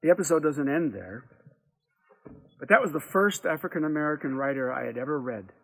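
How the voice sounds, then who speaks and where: A man lecturing at a teach-in who reads a story aloud with expressive acted voices. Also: on the high side, a little fast, gravelly. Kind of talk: dramatic reading and lecture.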